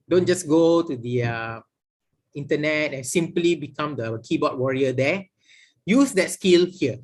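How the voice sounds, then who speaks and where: A middle-aged man with a Malaysian English accent, teaching a class on exam listening skills and filling his points with "okay" and "all right". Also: fairly high pitch. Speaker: English language lecturer.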